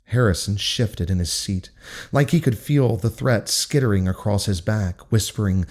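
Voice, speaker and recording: A man's voice: on the low side, moderate pace, darkish tone. A man reading a first-person novel aloud in an intense, angry, profane manner. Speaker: audiobook narrator.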